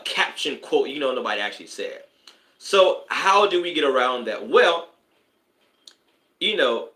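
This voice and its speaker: Animated man hosting a live stream, echoey room. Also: a little high. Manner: rambling, with preacher-like bursts of emphasis. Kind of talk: casual live-stream talk to viewers.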